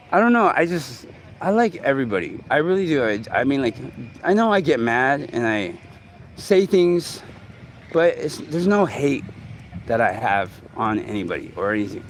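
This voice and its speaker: A man's voice: mid-range voice, slight background noise. Man in his forties, rambling vlog. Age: 40s. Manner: rambling, halting, many fillers and restarts. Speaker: vlogger. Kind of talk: casual talk to camera. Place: outdoors in a city park.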